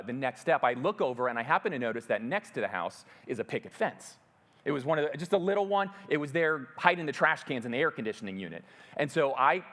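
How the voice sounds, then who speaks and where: A middle-aged man preaching a sermon, his slightly high voice rising and falling with lively energy as he tells a story. He acts out each moment vividly, like a storyteller in the pulpit. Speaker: pastor.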